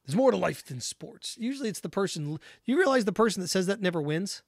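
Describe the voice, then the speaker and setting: A man's voice: high-pitched, animated, quick pace, gravelly, no room sound, studio quality. A man hosting a sports talk show, giving solo commentary in an emphatic, opinionated way and repeating his points for effect.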